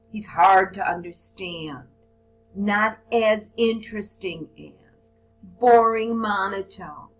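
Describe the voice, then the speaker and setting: A woman's voice: mid-range voice, poor audio. Woman, English teacher, recorded lesson, reads example phrases then explains them, faint music behind. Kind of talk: recorded lesson on report writing.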